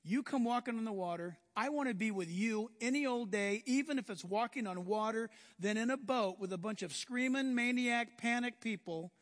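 Male preacher, animated sermon delivery, voice pitched very high, recorded with long hall reverb. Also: moderate pace, hardly any pauses. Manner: animated, acts out biblical scenes in voices.

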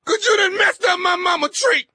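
A man voicing a grieving, angry man who shouts and cries about his mother's damaged tree on a prank phone call. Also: very high-pitched, lively intonation, normal speed, dry recording, studio quality, pitched above the performer's own voice, full character voice. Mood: tearful. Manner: shouting, tearful, threatening. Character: grieving angry man whose mama's tree was hit. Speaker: radio prank caller.

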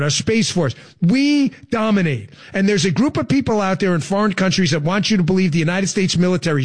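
A male radio and podcast host doing opinionated political talk in a studio, emphatic and fired up, swinging between loud bursts and low asides.

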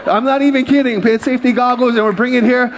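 A man with a high voice delivers a sermon from a church stage. He talks in a conversational way and tells his story with energy. He often corrects himself mid-sentence. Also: steady tone, quick pace. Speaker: pastor. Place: church stage before a congregation.

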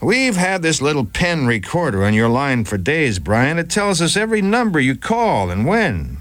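A man's voice: on the high side, very animated, moderate pace, fairly bright tone, no echo. A man voicing a stern male narcotics supervising agent in a radio story. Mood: confident.

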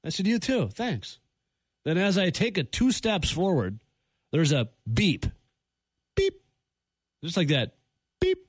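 Animated Midwestern radio host. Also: male voice, sits high, unhurried, long pauses, husky, dry recording, clean studio sound. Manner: animated, incredulous storytelling with exasperated asides. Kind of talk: morning radio talk, storytelling. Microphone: studio microphone.

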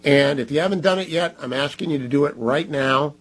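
A man's voice: fairly high pitch, brisk, slightly rough. A middle-aged man hosting a radio talk show, reading ads live in an emphatic, conversational way and repeating phone numbers.

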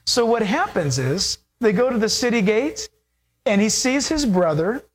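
A preacher with a mid-pitched voice retells a scripture story in a loose, conversational way. The delivery is animated and full of everyday fillers. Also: unhurried. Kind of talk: sermon storytelling.

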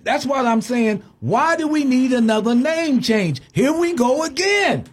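A man hosting a call-in radio talk show, arguing forcefully and cutting in with repeated objections. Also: very high voice, lively intonation, a little slow, husky. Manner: forceful, interrupts, repeats himself. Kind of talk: heated call-in debate. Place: radio studio.

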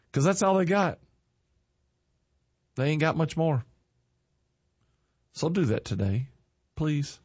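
A man's voice: mid-range voice, darkish tone, no echo, dull audio. A middle-aged man hosting a casual chat, laughing at his own corny jokes and speaking in an earnest, folksy way. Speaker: online show host.

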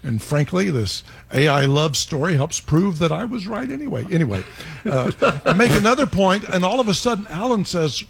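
A man's voice: sits high, big pitch swings, normal speed, creaky. An older man on a talk panel, telling stories against himself in a joking way. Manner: self-mocking storyteller. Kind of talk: panel chat.

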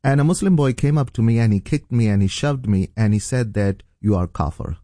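Earnest middle-aged pastor. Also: male voice, mid-range voice, warm tone, no room sound, clean studio sound. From Pakistan. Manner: earnest, halting, with many fillers and restarts. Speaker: pastor and guest. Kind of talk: telling a personal testimony.

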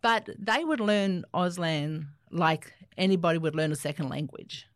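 An Australian woman, an Auslan interpreter, answering interview questions in an animated, explanatory way. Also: on the low side, normal speed, no echo, clean studio sound. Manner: animated, explanatory, laughs easily.

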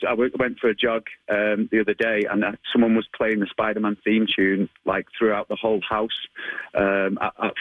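A man's voice: lowish voice, dry recording, phone-quality sound. A man in his thirties with a Manchester accent, chatting in an interview with many ums and restarts and frequent laughs. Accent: Manchester English. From England. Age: 30s. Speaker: interview guest, martial arts instructor. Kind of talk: casual phone interview.

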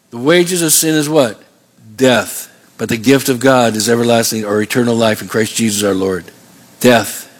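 A man preaching a sermon, going through numbered points and having the congregation fill in words. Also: medium pitch. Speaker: pastor.

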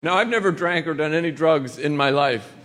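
A man's voice: fairly high pitch, fairly quick, a bit bright. A man doing stand-up, telling a story with a wry, understated delivery. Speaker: stand-up comedian.

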